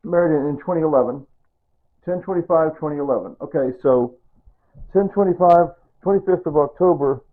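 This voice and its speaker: A man's voice: a little high, brisk. An older man talking in a casual personal vlog, rambling and sentimental, often repeating himself. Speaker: vlogger. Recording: tinny phone-like sound.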